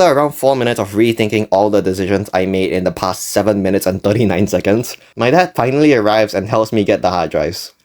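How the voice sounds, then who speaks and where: A man's voice: on the low side, fairly quick, few pauses, darkish tone. A young man narrating a comedic story about himself, self-deprecating and given to dramatic exaggeration. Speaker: channel creator.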